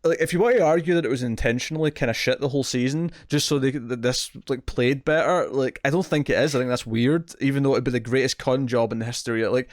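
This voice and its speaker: A man's voice: medium pitch, fast, hardly any pauses, no room sound. Rambling British man reviewing TV, dry sound. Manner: rambling, repeats words, acts out scenes in quotes. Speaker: podcast co-host reviewing TV. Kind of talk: casual review chat.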